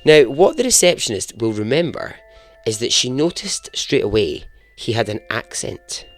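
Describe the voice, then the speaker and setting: A man's voice: mid-range voice, big pitch swings, normal speed, faint music behind. A man hosting a podcast, telling a true story in a chatty, self-deprecating way and chuckling at his own jokes. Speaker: podcast host. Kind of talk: casual storytelling narration.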